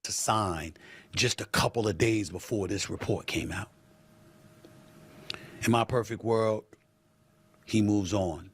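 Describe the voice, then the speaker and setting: Male talk host, very deep voice, measured and deliberate commentary. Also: husky, dry recording. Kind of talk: news commentary discussion.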